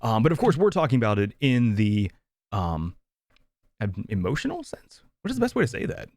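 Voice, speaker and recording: A man's voice: medium pitch, huge pitch swings, fairly quick, darkish tone, no room sound. A man co-hosting a casual podcast over a video call, thinking aloud with lots of restarts and fillers. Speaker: podcast co-host.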